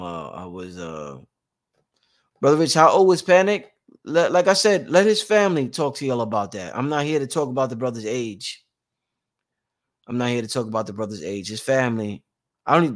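A livestream host with a mid-range voice chats casually, reading out shout-outs from the chat. His talk is informal and drawn out, with frequent repetition of phrases and swings between loud and quiet.

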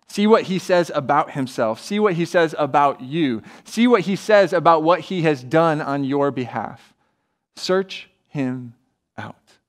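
Earnest male pastor preaching. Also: fairly high pitch. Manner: earnest, builds to animated, acts out quoted voices. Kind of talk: sermon.

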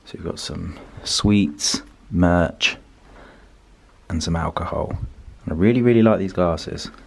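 Young guy vlogging his hotel room, real low voice, chatty and upbeat, bit of faint hiss behind. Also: unhurried, vocal fry. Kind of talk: casual vlog hotel tour.

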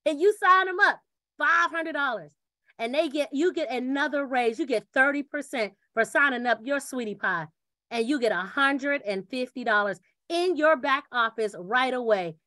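High-voiced woman giving an upbeat sales pitch. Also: moderate pace, no room sound, studio quality. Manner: lively, repeats catchphrases, acts out little dialogues. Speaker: presenter pitching a referral program.

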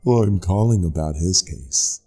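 A man voicing a deep, dark-toned mocking mystery caller. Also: slightly rough, soft background music, exaggerated voice. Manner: cool, mocking, unhurried. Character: mysterious anonymous male caller, sarcastic and smug. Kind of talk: horror story narration voice acting.

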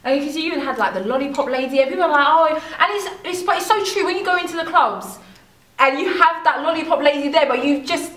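A woman's voice: high-pitched, quick pace, fairly bright tone. A woman hosting an interview, enthusiastic and laughing often. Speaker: interviewer host. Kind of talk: casual interview chat. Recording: echoey room.

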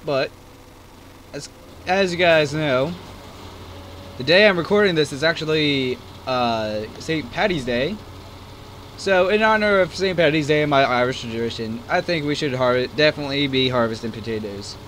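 A man's voice: on the high side, animated, moderate pace, a bit bright, a little hiss or hum. Chatty man narrating his farming game. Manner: rambling, self-deprecating, chatty. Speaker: gaming channel host. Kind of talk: casual gameplay commentary. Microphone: desk microphone. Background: farm game engine sounds.

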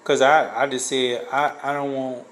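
A man's voice: mid-range voice, little pitch movement, normal speed, fairly bright tone, a little hiss or hum, low-quality recording. A man casually telling a personal story, rambling with many fillers and restarts. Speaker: guest sharing a testimony.

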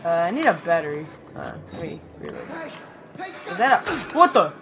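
Jumpy, swearing gaming host, noisy audio. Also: female voice, fairly low pitch, sing-song, normal speed. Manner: jumpy, yelps and screams at scares; joking, swears a lot. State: voice getting worn from screaming. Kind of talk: let's-play commentary.

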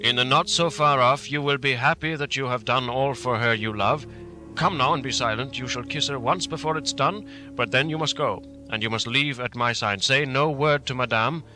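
A man reads a grave, commanding elderly professor from a storybook, steady and measured. His voice rings bright and clear. Faint film music plays under him. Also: medium pitch, lightly acted. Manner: grave, urgent, measured speech.

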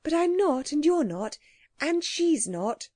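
An eager, earnest young girl from a children's story, voiced by a woman narrator. Her voice rises higher than the narration, mellow and dry, and she speaks with practical urgency. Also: sing-song, slow pace, dry recording, exaggerated voice.

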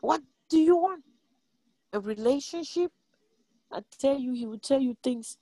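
A woman preaching a sermon, animated and emphatic, repeating lines and jumping in pitch. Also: measured pace, no echo.

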